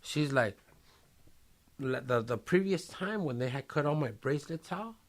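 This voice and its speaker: A man's voice: mid-range voice, normal speed. Profane man telling a story casually. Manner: profane, streetwise slang, lively retelling with quoted voices. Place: podcast studio.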